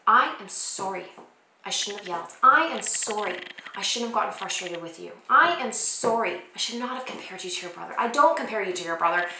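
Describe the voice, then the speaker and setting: A woman's voice: medium pitch, expressive, a little fast, pushed and bright, slight background noise. A woman in her thirties who homeschools, giving heartfelt, encouraging advice straight to camera at home. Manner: earnest, encouraging, acts out inner thoughts. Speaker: homeschooling mom vlogger. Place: home set. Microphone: camera mic. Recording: echoey room, faint camera focus clicks.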